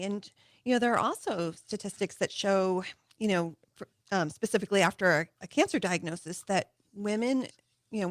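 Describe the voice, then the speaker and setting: A woman's voice: medium pitch, dry recording. Woman host with a dry, close sound. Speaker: podcast host. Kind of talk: interview conversation.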